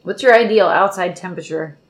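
A woman co-host fires quick questions at her partner on a home podcast. Her delivery is dry and teasing, broken up by frequent laughs. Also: on the low side. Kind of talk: casual chat.

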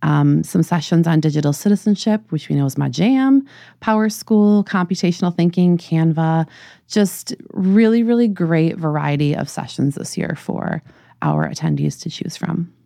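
A woman's voice: low-pitched, expressive, vocal fry, dark tone, no room sound, clean studio sound. A woman co-hosting a casual podcast, upbeat and enthusiastic, talking about summer learning for teachers. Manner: upbeat, enthusiastic, quick to laugh. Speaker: podcast co-host, ed-tech organizer.

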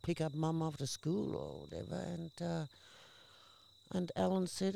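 A woman, a guest actress, telling lively anecdotes in casual conversation and acting out the people she quotes. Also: sits low, unhurried, gravelly. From Australia. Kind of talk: casual chat.

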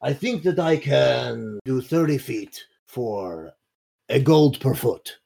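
A man playing a gruff, hearty male shopkeeper who haggles over prices in a tabletop game. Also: mid-range voice, sing-song, normal speed, full character voice.

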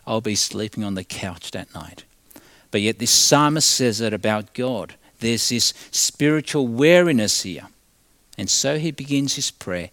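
Animated, expressive male preacher. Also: mid-range voice, a little slow, no room sound. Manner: expressive preaching, swinging from loud emphasis to hushed tones. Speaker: pastor. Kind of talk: sermon.

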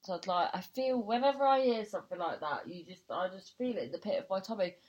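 A young woman with a Cornish accent chats through a casual podcast episode and drifts from tangent to tangent. Her pitch rises and falls a lot as she talks. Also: expressive, quick pace, darkish tone, lo-fi sound. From Cornwall, England. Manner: chatty, rambling, prone to tangents. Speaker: podcast host. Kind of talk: casual chat.

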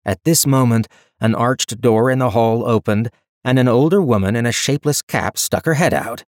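A man giving scripted narration of a fantasy story in a steady storytelling manner. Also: medium pitch, normal speed, dry recording, studio quality.

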